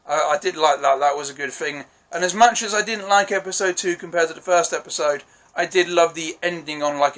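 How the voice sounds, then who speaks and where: A man's voice: a little high, fairly bright tone. A young man casually reviewing a TV episode on his own, enthusiastic and rambling, often correcting himself and apologising, with the odd swear. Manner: self-correcting, apologetic asides. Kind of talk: casual solo review vlog.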